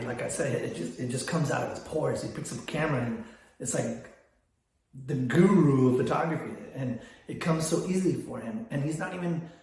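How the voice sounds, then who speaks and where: A man's voice: mid-range voice, a little mellow. An older man, telling stories in a casual vlog, rambling with frequent restarts. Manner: rambling, storytelling with many restarts. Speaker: photography business vlogger. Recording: very echoey room.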